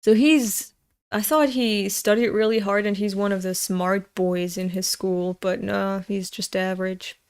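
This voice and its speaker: Young euro woman streaming, reading manga, slow and sweary, pissed off. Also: mid-range voice, fairly even intonation, a little mellow, smooth. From Europe. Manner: blunt, profane ranting. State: angry. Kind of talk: live-stream reading with commentary.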